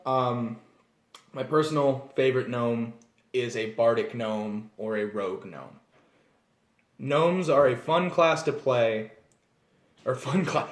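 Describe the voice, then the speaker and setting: A man casually explaining tabletop role-playing game races, animated and digressive, often slipping into acted scenes. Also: mid-range voice. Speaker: channel host. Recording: roomy echo.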